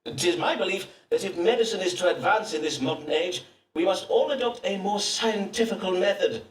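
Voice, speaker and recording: An actor playing a pompous, self-assured Elizabethan astrologer-physician who speaks in archaic formal English. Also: male voice, high-pitched, a little fast, a little hiss or hum, natural voice. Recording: roomy distant game audio with faint ambience.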